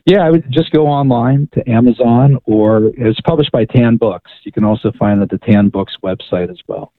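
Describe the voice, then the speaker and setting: A male author, a guest on a radio talk show, telling a story with lively restarts and repeated words. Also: medium pitch, normal speed, no room sound. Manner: animated storyteller with frequent restarts. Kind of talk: phone-in radio interview storytelling. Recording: tinny phone line.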